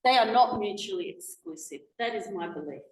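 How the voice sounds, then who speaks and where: A middle-aged Australian woman speaks as a guest in a meeting hall, passionate and emphatic. Her medium-pitched voice moves quickly with lively intonation, and the recording is echoey.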